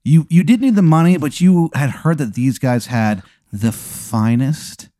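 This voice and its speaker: A man's voice: a little high, unhurried, dark tone, no echo, clean studio sound. A man improvising as game master, rambling through the story with fillers and laughs. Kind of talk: improvised tabletop narration.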